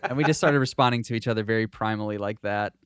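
A man's voice: lowish voice, quick pace, smooth, dry recording, studio quality. A man hosting a casual podcast chat, rambling with fillers and restarts. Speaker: podcast host.

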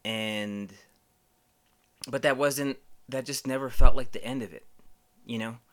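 A man's voice: mid-range voice, fairly even intonation, a little slow, a bit bright. A man hosting a podcast, telling rambling stories casually, swearing a lot and using many fillers. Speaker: podcast host. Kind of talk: casual storytelling.

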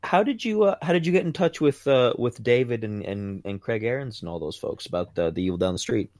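A man's voice: medium pitch, expressive, a little fast, darkish tone, no echo, studio quality. A man co-hosting an interview, giving short encouraging replies and asking hesitant follow-up questions. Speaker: co-host.

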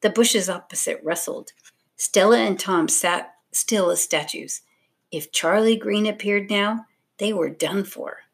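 A woman narrating a children's storybook in a steady, expressive reading voice. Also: medium pitch, unhurried, vocal fry.

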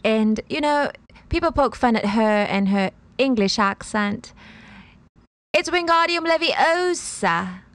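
A woman co-hosting a casual podcast, bubbly and full of quick asides. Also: on the high side, clean tone. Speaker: podcast co-host. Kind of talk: casual chat.

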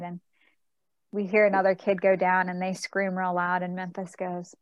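A woman's voice: on the low side, level tone, moderate pace, dry recording, dull audio. A woman co-hosting a casual chat, telling stories about her kids and laughing often. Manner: chatty storyteller, laughs often.

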